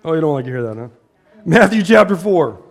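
A man's voice: on the high side, sing-song, brisk. A man preaching a casual, blunt sermon as pastor, talking like a conversation, repeating words and acting out the people he quotes.

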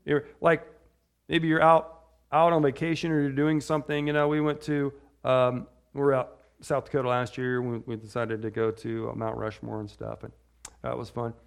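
A man's voice: medium pitch, flat delivery, moderate pace, gravelly, clean tone. A man preaching an informal sermon in a chatty, rambling way, often checking in with "right?". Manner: chatty, tags lines with "right?"; rambling with restarts.

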